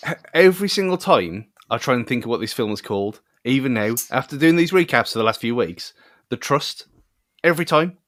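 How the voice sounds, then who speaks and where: A man's voice: mid-range voice, lively intonation, a little fast, a bit bright, no echo. A man with a mid-range voice rambles on a casual podcast as a co-host. He pokes fun at himself and often trails off mid-thought. The sound is dry and close-miked.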